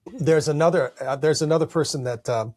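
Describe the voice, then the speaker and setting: A middle-aged man, an Orthodox priest, telling stories in a relaxed podcast conversation and acting out quoted lines. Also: brisk, no room sound. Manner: animated, acts out quoted speech with raised pitch. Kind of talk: storytelling in casual conversation.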